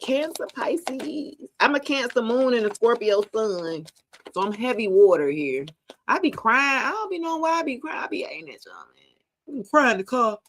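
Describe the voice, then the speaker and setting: A woman's voice: a little high, lively intonation, normal speed, fairly bright tone, a little hiss or hum. Laughing, profane woman reading tarot. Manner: casual, profane, laughing often, talks to viewers as y'all. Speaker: tarot reader.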